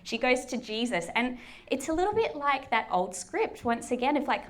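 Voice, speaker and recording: A woman's voice: high voice, big pitch swings, moderate pace. A woman preaching a sermon in a conversational, chatty way, acting out quoted lines playfully. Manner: conversational, chatty, with lots of fillers.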